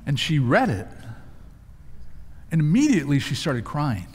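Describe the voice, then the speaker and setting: A male pastor delivers a sermon in a slightly higher voice, moving between storytelling and emphatic rises. His words ring out with a long reverb from a large church sanctuary. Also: wildly swooping pitch, unhurried, a little mellow, husky.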